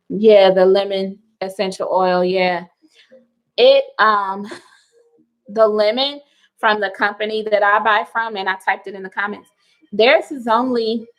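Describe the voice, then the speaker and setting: A woman's voice: medium pitch, low-quality recording. A young woman chatting casually on a livestream from home, laughing often and talking to viewers by name. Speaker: wellness livestream host. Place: at home indoors.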